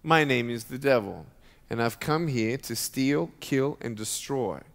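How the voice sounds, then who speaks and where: A man voicing a menacing, evil male devil in a low, quiet, threatening way, in a story told during a sermon. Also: unhurried, creaky. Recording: reverberant church hall.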